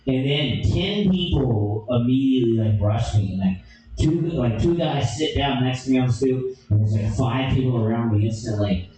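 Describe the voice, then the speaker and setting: A young man spins a crude, animated comedy tale and now and then bursts into shouts. His voice sits at an ordinary pitch. It rings through a very echoey room, picked up from some distance off the mic. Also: normal speed, faint music behind. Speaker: storyteller. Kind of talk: storytelling comedy.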